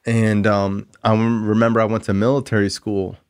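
A young man in his twenties hosts a podcast, rambling candidly through a long personal recovery story with plenty of self-criticism and "like" and "um" fillers. His voice is on the low side with little pitch variation, smooth and at a normal speed. It's a casual storytelling monologue, recorded with clean studio sound and no room echo.

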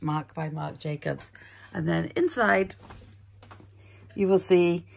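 A British woman chatting away at home in a casual vlog, with a low voice that has a gravelly edge. She rambles from one thing to the next and keeps laughing at herself, with plenty of ums along the way. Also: darkish tone. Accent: British English. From Britain. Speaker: vlogger. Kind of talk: casual day-in-the-life vlog.

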